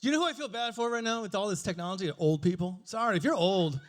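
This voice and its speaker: A man's voice: high voice, expressive, quick pace. A man in his forties doing a stand-up comedy set, crude, playful and self-mocking as he riffs with the audience. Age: 40s.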